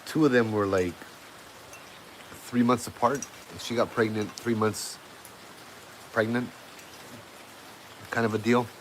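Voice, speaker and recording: A man's voice: mid-range voice, steady tone, takes it slowly, long pauses, a little hiss or hum, rough recording. A man hosting a livestream, telling a ghost story in a casual, rambling way with plenty of fillers and restarts. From Hawaii. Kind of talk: casual storytelling to a live chat.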